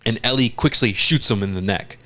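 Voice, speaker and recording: Man, lowish voice, podcast co-host, casual, animated retelling, swears a lot. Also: a little fast. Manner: animated retelling, acting out lines, frequent swearing.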